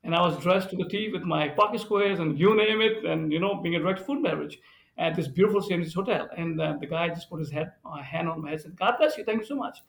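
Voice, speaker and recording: Hotelier guy as guest storyteller, high voice with a gravelly edge, animated delivery. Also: quick pace, low-quality recording. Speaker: hotel managing director, guest. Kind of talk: storytelling in a podcast conversation.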